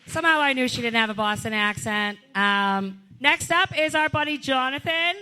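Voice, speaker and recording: A woman's voice: sits high, fairly quick, pushed and bright. A woman emceeing a live comedy night in a club, teasing and hyping the comics she brings up. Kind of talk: introducing comics at a live show.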